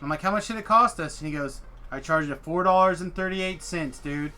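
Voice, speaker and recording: A man's voice: high voice, a little fast, bright, forceful tone. A man streaming a game, telling a story in casual chat, swearing freely and acting out the people he quotes. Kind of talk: casual storytelling while gaming.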